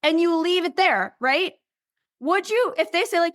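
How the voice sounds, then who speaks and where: Casting note: high-pitched, bubbly woman coach, dry close voice, conversational and upbeat. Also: moderate pace, fairly bright tone, no echo. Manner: chatty, upbeat, says "right?" constantly; acts out invitees in bubbly voices. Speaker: business coach. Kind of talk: recorded coaching training.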